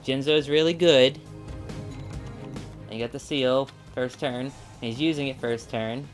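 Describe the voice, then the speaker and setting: This let's play gamer chats casually while playing a card game, rambling and packing his commentary with fillers and asides. His voice sits in the mid-range with fairly even intonation and a measured pace, and faint music plays behind him.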